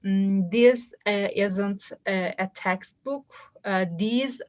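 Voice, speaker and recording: A woman's voice: mid-range voice, slow pace, muffled recording. A woman student reading English sentences aloud over a video call, hesitant between phrases. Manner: hesitant, many uh fillers. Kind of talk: reading exercises aloud in class.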